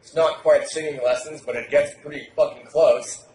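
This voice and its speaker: Brash, profane male coach, slightly high, projecting hard; roomy echo. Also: fairly even intonation, normal speed, a little mellow. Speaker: dating coach. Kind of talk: animated podcast talk. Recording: roomy echo, faint noise.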